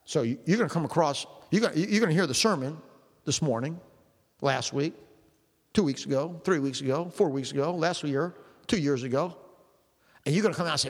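A man's voice: a little high, brisk. A male preacher delivering a sermon with an emphatic, repetitive preaching cadence. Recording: long hall reverb.

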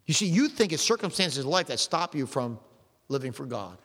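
A man's voice: on the high side, sing-song, brisk, fairly bright tone. A male preacher delivering a sermon with an emphatic, repetitive preaching cadence. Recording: long hall reverb.

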